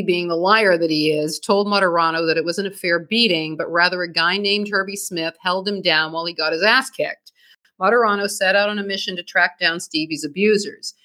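A podcast co-host with a Boston accent narrating true crime history, brisk, with blunt, profane asides. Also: medium pitch, pushed and bright.

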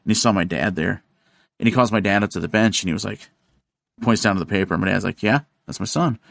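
A man hosting a podcast, telling a story in casual chat, animated and profane, acting out the voices of the people in it. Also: lowish voice, quick pace, creaky, dry recording, studio quality. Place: studio.

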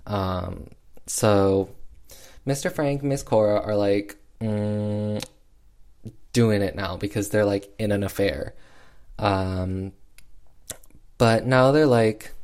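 A man's voice: fairly low pitch, slow, pauses often, darkish tone, smooth. A man casually recapping an old film with sassy, chatty commentary. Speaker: film reviewer.

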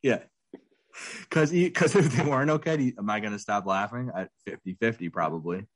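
A man's voice: lowish voice, brisk. A man co-hosting a podcast in casual chat, laughing often and rambling through his stories with restarts. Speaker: podcast co-host.

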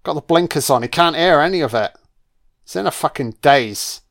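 A man's voice: fairly high pitch, expressive, normal speed, vocal fry, a bit bright. A man giving casual film commentary, blunt and full of swearing. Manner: blunt and profane, with frequent swearing.

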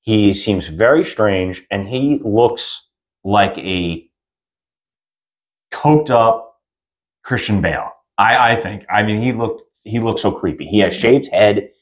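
Guy on a podcast, lowish voice that bounces all over, chatty and rambling. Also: slow pace, muffled recording. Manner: animated, rambling retelling with many restarts. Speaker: podcast co-host reviewing films. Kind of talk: casual chat.

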